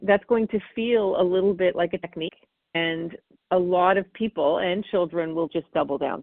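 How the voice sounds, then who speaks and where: A woman parenting expert answering interview questions, animated and acting out what parents and children say. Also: on the low side, moderate pace, no echo. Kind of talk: interview answers, explaining technique. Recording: phone-like dry call audio.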